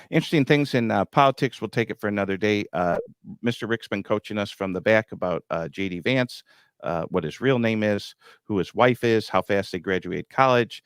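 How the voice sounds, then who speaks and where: A man's voice: low-pitched, smooth, dry recording, clean studio sound. A middle-aged man hosting a grain market show, talking bluntly with a teasing edge. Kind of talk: market commentary.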